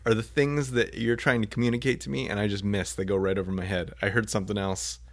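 A young man co-hosting a casual podcast. He speaks in a relaxed, understated way and delivers his jokes dryly. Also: on the low side, quick pace. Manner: dry, understated, laid-back. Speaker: podcast co-host.

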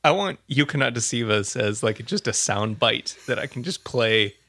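A man hosting a casual podcast chat, easygoing and quick with his asides. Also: medium pitch, animated, gravelly, pushed and bright. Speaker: podcast host.

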